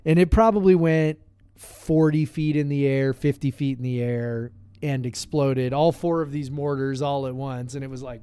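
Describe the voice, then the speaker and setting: A man's voice: on the high side, moderate pace, mellow, smooth, dry recording. A man co-hosting a podcast in casual chat, telling a rambling story full of fillers and restarts. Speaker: podcast co-host. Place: podcast room, shared with co-host.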